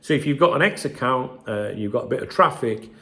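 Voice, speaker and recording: A man talks straight to camera from the desk in his home office. His delivery is loose and chatty, full of asides, with casual swearing. His voice sits at an ordinary middle pitch. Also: animated, brisk, sharp tone. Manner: chatty, rambling, swears freely. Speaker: channel host. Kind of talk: casual vlog chat to camera.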